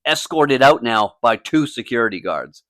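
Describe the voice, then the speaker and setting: A man's voice: mid-range voice, lively intonation, moderate pace, fairly bright tone, no echo, clean studio sound. A man co-hosting a casual podcast, telling a story with lots of swearing and acted-out quotes, a youth soccer coach. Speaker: podcast co-host. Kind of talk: casual chat.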